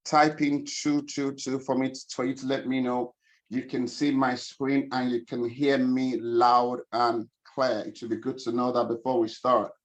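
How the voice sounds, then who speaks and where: A man hosts an online webinar as a financial coach. He talks in an upbeat, chatty way and greets people by name, his voice sitting at an ordinary middle pitch. The sound comes through a video call. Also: flat delivery, unhurried. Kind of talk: casual online webinar hosting.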